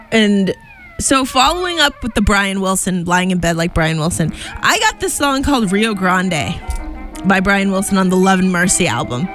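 A young woman hosting a college radio show, talking in a gushing, excitable way with frequent laughs. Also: a little high. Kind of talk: casual on-air chat. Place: radio studio. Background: jazz music playing behind.

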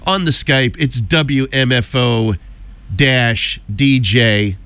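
A male radio DJ with a hoarse, froggy voice from a cold, talking on air from a studio mic. He rambles in a loose, chatty way and drops jokey asides. His voice sits at an ordinary middle pitch. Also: takes it slowly, fairly bright tone, no room sound. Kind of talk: casual on-air chat.

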